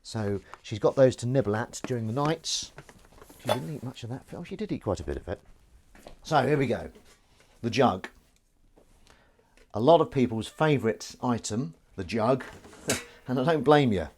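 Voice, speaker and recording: Standing at the sink in his home kitchen, a live-stream host with a medium-pitched, darkish voice rambles casually at a normal speed, his intonation lively and broken by long pauses. He comes across as chatty, jokey and self-aware. Behind him dishes and cutlery clatter, and there's a faint hiss or hum.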